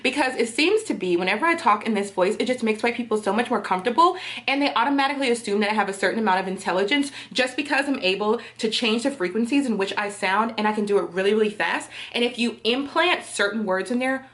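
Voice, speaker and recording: Woman vlogger, casual slangy film review, animated and laughing, voice on the higher side. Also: quick pace. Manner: animated, slangy, laughs often, talks straight to viewers. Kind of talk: casual chat to camera.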